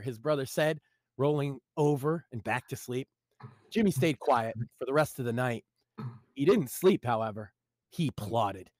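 A man's voice: mid-range voice, measured pace, dry recording. A man reading his own short story aloud live on a stream, in a dramatic, wry storytelling manner.

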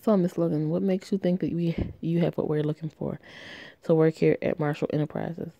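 A woman's voice: deep voice, fairly even intonation, a little fast, gravelly, mellow, no room sound, lo-fi sound. A woman voicing a stern, suave male company boss who talks in a cool, formal way.

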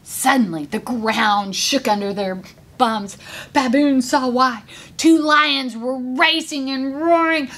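A woman's voice: sits high, takes it slowly. A woman author, reading her picture book aloud and getting children to join in. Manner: animated, coaxing kids to join in. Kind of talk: interactive storytime reading.

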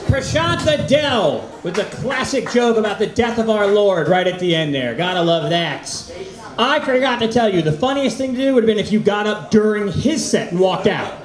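A man emceeing an open mic, his voice high and bouncing all over as he teases the crowd. He jokes between acts in a room with a clear echo. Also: animated, normal speed. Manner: joking, teasing the crowd. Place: small open mic venue. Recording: echoey room.

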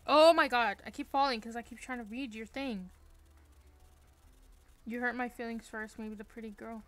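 A woman's voice: on the high side, fairly even intonation, normal speed, no echo. A woman streaming a game from her bedroom, chatting playfully with mock-dramatic pleading and jokes. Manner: playful, melodramatic pleading and joking. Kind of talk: live gameplay stream chat.

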